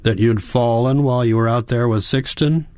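A man's voice: medium pitch, fairly even intonation, moderate pace, darkish tone, dry recording, pitched above the performer's own voice, natural voice. A man reading the part of a worried, caring young granddaughter in an audiobook, with an earnest, pleading manner.

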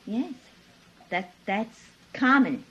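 A woman's voice: on the high side, lively intonation, extremely slow, breathy edge. A middle-aged mother speaking firmly and lecturing in a family argument. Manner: firm, lecturing. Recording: dull lo-fi home recording.

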